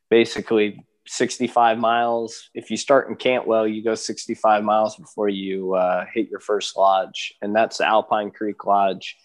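A man from Alaska, a dog musher, chatting as a guest in an easygoing, rambling way with lots of fillers. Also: lowish voice. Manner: relaxed, rambling with many fillers. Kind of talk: casual interview chat.

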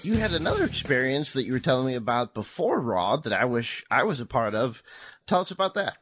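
A man co-hosting a casual podcast, speaking in short prompting lines at an ordinary middle pitch. The mic sound is close and dry, with faint music underneath. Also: big pitch swings, brisk, fairly bright tone, dry recording. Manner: brief prompting interjections. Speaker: podcast co-host. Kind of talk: casual interview chat.

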